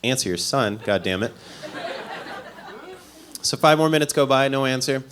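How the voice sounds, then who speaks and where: A male comedian from the Midwest tells a long story in a loose, conversational way. He makes fun of himself as he goes and drops dry side remarks. His voice sits at an ordinary middle pitch for a man. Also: lively intonation, normal speed, fairly bright tone, slight background noise. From American Midwest. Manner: loose, self-mocking storytelling with dry asides. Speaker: stand-up comedian. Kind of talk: stand-up comedy.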